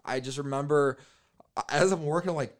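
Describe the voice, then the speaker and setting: Young guy telling a raunchy story on a podcast, clean smooth voice, laughs as he goes. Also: fairly high pitch, brisk. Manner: crude, laughing, acts out other voices. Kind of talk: casual crude storytelling.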